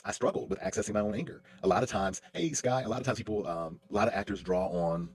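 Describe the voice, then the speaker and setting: A man's voice: lowish voice, fast, breathy edge. A man, a lawyer and stage actor, talking casually on a livestream, telling stories with lots of fillers and restarts. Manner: animated storytelling with many fillers and restarts. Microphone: livestream mic.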